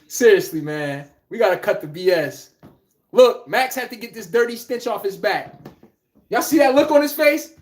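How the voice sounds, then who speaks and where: Casual sports commentator, lively pitch, mid-range voice, trash-talking and animated. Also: normal speed. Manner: animated, profane, blunt trash talk; acts out quotes in mock voices.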